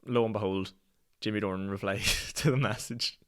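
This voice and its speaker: A man's voice: fairly low pitch, fairly even intonation, moderate pace, a bit bright. A Northern Irish man in his twenties hosting a solo podcast, telling rambling, self-mocking stories with plenty of swearing and laughter. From Northern Ireland. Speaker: podcast host. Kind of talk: solo casual podcast chat.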